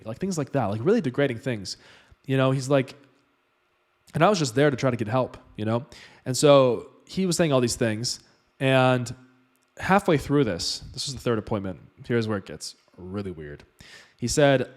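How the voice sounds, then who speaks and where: A man's voice: medium pitch, expressive, a little fast. A man vlogging, retelling a personal story in loose, casual speech full of "like" and "you know".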